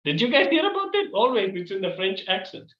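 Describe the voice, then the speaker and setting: A man with a lively, bouncing pitch and a slightly high voice runs an improv comedy scene with playful, dramatic asides. His audio is roomy and dull, like a video call from an echoey room. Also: a little fast. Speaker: improv host.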